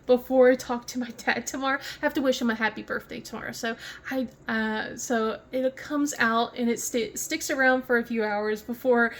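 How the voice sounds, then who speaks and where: A woman's voice: fairly high pitch, steady tone, normal speed, hardly any pauses. A woman with a Southern American accent, chatting casually on a craft vlog, rambling with many fillers, restarts and frequent laughter. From southern West Virginia. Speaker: craft vlogger. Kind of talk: casual chat.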